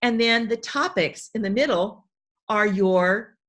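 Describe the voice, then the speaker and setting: A woman's voice: mid-range voice, a little slow, a bit bright. A woman speaking coach teaching a webinar in an enthusiastic, conversational way, often repeating herself for emphasis.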